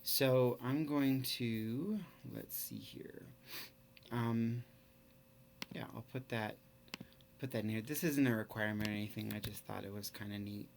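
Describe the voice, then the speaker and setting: A man teaching a recorded online lesson in a casual, halting way, full of fillers. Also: medium pitch, creaky, a little hiss or hum. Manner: relaxed, casual.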